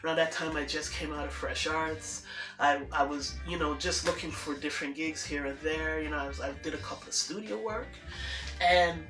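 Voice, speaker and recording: A woman telling a personal story in a casual, animated way, acting out the dialogue and laughing often. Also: sits low, normal speed. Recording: echoey room with faint music.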